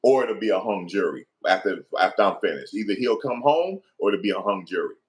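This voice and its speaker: A man's voice: sits low, lively intonation, fairly quick. A middle-aged man, giving heated opinion commentary in an emphatic, profane, repetitive rant.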